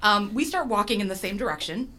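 A woman's voice: medium pitch, animated, a little fast, bright, forceful tone. A woman telling a personal story to an audience, chatty and self-deprecating, with lots of fillers and restarts.

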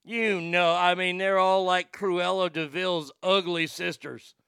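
A man's voice: sits high, steady tone, unhurried, vocal fry, sharp tone, clean tone, dry recording, clean studio sound. A male radio host giving blunt, vulgar, mocking comedic commentary.

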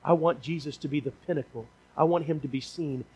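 A man's voice: fairly high pitch, darkish tone, slightly rough, poor audio. A man preaching a sermon, earnest and pleading as he calls people forward in a church. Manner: earnest, pleading, slows down for emphasis. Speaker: guest preacher. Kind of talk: sermon closing and altar call. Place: church sanctuary.

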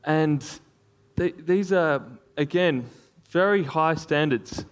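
A man's voice: on the high side, slow pace, clean tone. A man preaching a sermon in a conversational way, with frequent fillers and small laughs.

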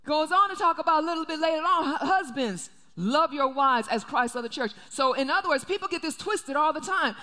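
A woman's voice: high-pitched, animated, fairly quick, few pauses, sharp tone, long reverb tail. A woman pastor preaching a sermon, emphatic and repeating her key phrases. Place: church sanctuary.

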